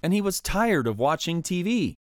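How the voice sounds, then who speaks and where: Animated picture-book narrator. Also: mid-range voice, normal speed. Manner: expressive, animated reading. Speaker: storybook narrator. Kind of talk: children's picture book read-aloud.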